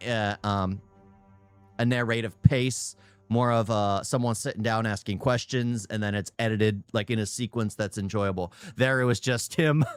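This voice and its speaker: A man's voice: fairly low pitch, clear, resonant tone. A man giving casual, opinionated reaction commentary on a video, rambling, restarting and repeating his own phrases. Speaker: YouTube reactor.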